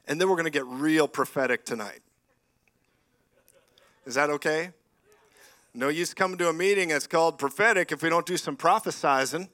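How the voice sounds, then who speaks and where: Male preacher, middle-aged, bright forceful voice, a bit higher-pitched, animated, laughing often. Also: normal speed, pauses often. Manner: animated, laughs often, rising to loud exclamations. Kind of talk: lively charismatic sermon.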